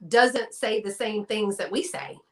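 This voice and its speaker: A woman's voice: medium pitch, fairly even intonation, measured pace, a bit bright. A woman from Texas with a Southern accent, chatting casually in a live stream and laughing often. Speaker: guest collector.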